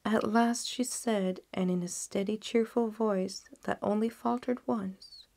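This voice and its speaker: Soft-spoken woman storyteller. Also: medium pitch, steady tone, measured pace, hardly any pauses. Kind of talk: audiobook narration.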